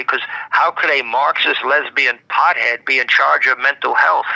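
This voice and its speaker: A man rambles through an indignant political monologue on a live show. His voice is gravelly with a hard, bright edge, and he keeps repeating and restarting phrases. The sound is dull and lo-fi, with no room echo. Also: medium pitch. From Brooklyn, New York.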